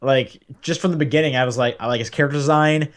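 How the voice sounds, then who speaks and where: A man's voice: medium pitch, fairly even intonation, fast talker. Chatty young man rambling about games. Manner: rambling, many fillers and restarts. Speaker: podcast co-host. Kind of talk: casual game chat.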